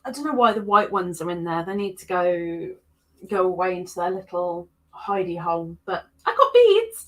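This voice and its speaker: A woman's voice: mid-range voice, a bit bright. A woman hosting a casual crochet livestream, chatting playfully with viewers and with her pets.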